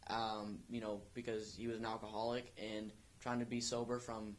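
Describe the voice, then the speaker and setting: A man's voice: fairly low pitch, monotone, moderate pace, a little hiss or hum. A young man co-hosting an amateur podcast, chatting casually and rambling with many restarts. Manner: rambling, full of restarts and fillers. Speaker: podcast co-host. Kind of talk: casual chat.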